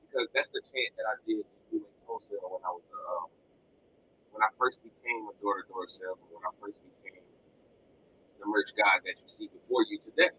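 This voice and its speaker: This podcast host, an adult with kids, pitches fairly low and speaks briskly in an energetic, repetitive motivational live-stream talk. Collectibles fill the home room behind him. The audio is muffled with slight background noise.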